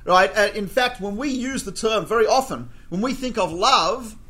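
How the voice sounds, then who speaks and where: High, bright-voiced man teaching. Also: normal speed. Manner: anecdotal, peppered with rhetorical "right?". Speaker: religious teacher. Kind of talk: Torah lesson.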